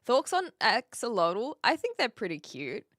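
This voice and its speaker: A chatty woman streamer from New Zealand, with a light Kiwi accent and a bouncy, lively pitch that rises and falls a lot. She talks casually to her viewers and laughs easily. The sound is close and dry, with no room echo. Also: unhurried. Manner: chatty, laughs often, answers viewers' chat messages. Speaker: live streamer. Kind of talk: casual live-stream chat.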